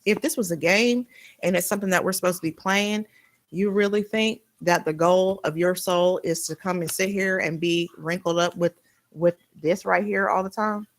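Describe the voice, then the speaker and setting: A young adult woman giving a casual spiritual tarot reading, blunt and animated, swearing freely as she talks. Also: on the low side, normal speed, poor audio. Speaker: tarot reader.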